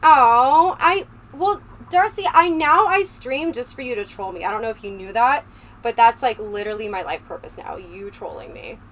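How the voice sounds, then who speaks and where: A woman's voice: normal speed, a bit bright. A woman livestreamer chatting casually and ramblingly with her viewers on a close microphone. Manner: chatty and rambling, talking straight to the chat. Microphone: close desk microphone. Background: low fan hum.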